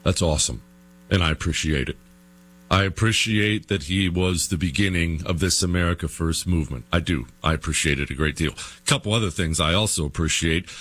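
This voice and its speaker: A man's voice: deep voice, a bit bright. A man hosting a radio talk show, giving an emphatic political monologue that speaks straight to his listeners and repeats phrases for emphasis. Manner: emphatic, repetitive, addresses listeners directly.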